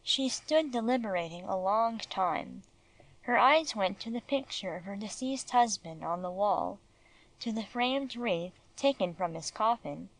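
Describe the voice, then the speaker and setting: A woman reading a children's classic as an audiobook narrator in measured storytelling. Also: medium pitch, dry recording, low-quality recording. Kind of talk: scripted narration.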